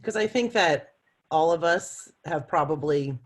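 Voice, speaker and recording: A woman's voice: deep voice, animated, a little slow. A woman nurse educator asking questions in a panel discussion, conversational and laughing along.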